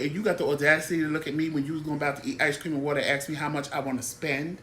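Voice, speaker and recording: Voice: mid-range voice, little pitch movement, very fast, few pauses, fairly bright tone, echoey room. A talk show host telling stories in a blunt, exasperated, casual way.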